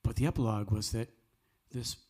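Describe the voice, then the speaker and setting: A man's voice: mid-range voice, fairly even intonation, fairly quick, a little mellow, slightly rough. A man, hosting a live cafe music night, telling stories earnestly and preaching with jokey asides. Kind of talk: folksy storytelling with preaching.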